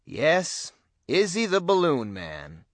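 A man playing a calm police chief father. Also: a little high, dry recording, full character voice. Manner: calm, measured.

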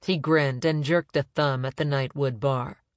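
A man reading a crime novel aloud in measured, even narration. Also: mid-range voice, no room sound, studio quality. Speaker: audiobook narrator.

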